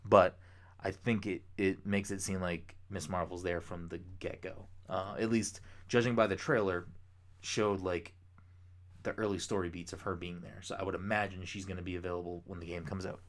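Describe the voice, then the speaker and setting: A young man co-hosting a podcast, chatting casually, rambling with excitement and swearing freely. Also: low voice, moderate pace. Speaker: podcast co-host. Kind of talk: casual chat.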